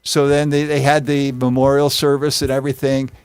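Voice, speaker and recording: A man's voice: mid-range voice, little pitch movement, brisk, darkish tone, clean tone, no echo. A man leading a casual group discussion and retelling a story, with acted quotes thrown in. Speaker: discussion leader.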